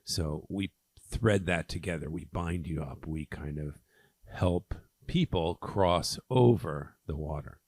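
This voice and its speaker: Very low voiced guy explaining a poem bit by bit for test prep, lots of um and okay. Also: slow, darkish tone, husky, dry recording. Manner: explains step by step, with ums and okays. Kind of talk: poem walkthrough lesson.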